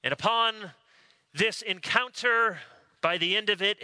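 An American man preaching from the pulpit in a very bright, ringing voice that sits a little above the usual for a man. He tells his stories in a loose, conversational way and leans on dramatic pauses to land each point. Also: sits high, clean tone. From United States. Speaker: pastor. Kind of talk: sermon.

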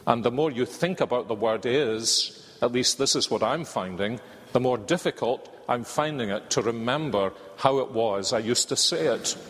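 A man preaching a sermon, speaking slowly and deliberately with thoughtful pauses and dry humour. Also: mid-range voice, a bit bright. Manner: slow, measured, with thoughtful pauses and wry asides. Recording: long reverb of a large hall.

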